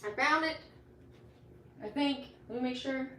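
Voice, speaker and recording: A woman hosting a casual live Q&A, rambling and chatty and quick to laugh. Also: sits high, fairly bright tone. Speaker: livestream host.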